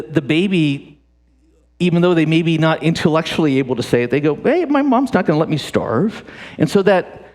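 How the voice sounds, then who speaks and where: Animated pastor in a reverberant hall. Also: male voice, a little high. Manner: animated, jokey, repeats and restarts phrases. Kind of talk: sermon. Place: church sanctuary.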